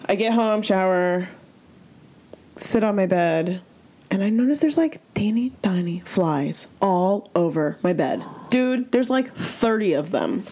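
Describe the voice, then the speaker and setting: A woman co-hosting a casual chat, telling a story in a chatty, expressive way and swearing casually. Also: mid-range voice, unhurried. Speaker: podcast co-host.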